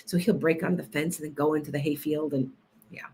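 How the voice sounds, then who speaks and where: A woman's voice: low-pitched, steady tone, fairly quick, a little mellow, slight background noise. A woman hosting a casual livestream as a psychic healer, rambling and chatty as she greets viewers by name between stories.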